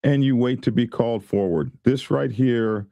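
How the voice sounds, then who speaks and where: A man's voice: mid-range voice, moderate pace, gravelly, no room sound, dull audio. A man hosting a show, giving rambling casual commentary and reading viewer comments aloud. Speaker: host.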